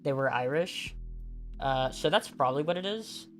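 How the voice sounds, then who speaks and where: A man from Alabama streams a game and chats with his viewers in a loose, rambling way. He fills his talk with "like" and often restarts his sentences. His voice sits at a middle pitch, with soft music playing underneath. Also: animated, normal speed. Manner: rambling, heavy use of "like", frequent restarts. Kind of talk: casual chat with viewers while gaming.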